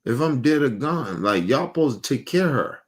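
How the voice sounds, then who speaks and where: A man streaming an emotional, profane rant, repeating himself with heated questions and trailing off into low mutters. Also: expressive, fairly quick.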